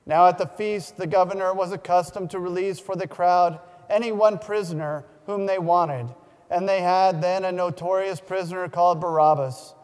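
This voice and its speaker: Solemn high-voiced man reading in a church. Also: steady tone, darkish tone, smooth. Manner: solemn, measured reading with small restarts. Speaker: scripture reader. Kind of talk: liturgical Gospel reading. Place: large church. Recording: long church reverb.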